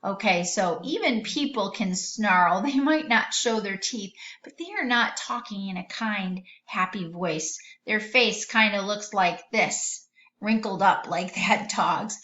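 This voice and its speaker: A woman teaching a vocabulary lesson to children in a gentle, sing-song way. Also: medium pitch, slow, roomy sound, lo-fi sound.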